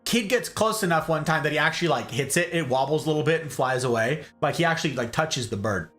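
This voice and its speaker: Animated rambling male storyteller. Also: fairly high pitch, quick pace, soft background music. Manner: animated, rambling, keeps asking "okay?". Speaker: streamer host. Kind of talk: casual storytelling.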